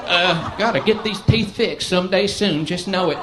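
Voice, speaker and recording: A man with a warm East Tennessee Southern drawl and a somewhat high voice tells rambling, self-deprecating yarns on a comedy stage. He talks into a handheld mic, and the live club recording carries a fair amount of noise. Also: moderate pace, crowd noise. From East Tennessee, USA. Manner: folksy, self-deprecating, animated yarn-spinning. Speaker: stand-up comedian. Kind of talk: stand-up storytelling.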